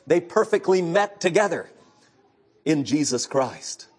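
A middle-aged male pastor preaching an earnest sermon, moving between loud emphatic passages and hushed, low storytelling. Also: lively intonation, unhurried, husky. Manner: earnest, preacherly retelling of scripture.

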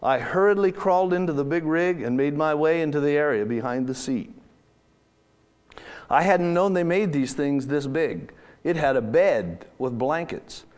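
A man telling a first-person story in a church setting, reading slowly and dramatically with drawn-out pauses. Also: a little high, animated, a little mellow.

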